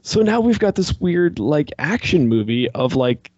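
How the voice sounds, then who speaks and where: A man's voice: a little high, sing-song, unhurried, a little mellow, husky, no room sound, dull audio. A man in casual podcast chat, animatedly ranting and exasperated, filling his talk with "like". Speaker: podcast co-host reviewing a movie.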